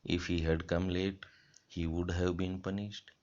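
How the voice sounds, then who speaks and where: Male lecturer, very deep and unhurried, methodical and repetitive delivery, muffled lo-fi sound. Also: flat delivery, darkish tone. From India. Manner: slow, deliberate, repeats example sentences. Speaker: college lecturer. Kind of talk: grammar lecture. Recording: dull lo-fi lecture recording.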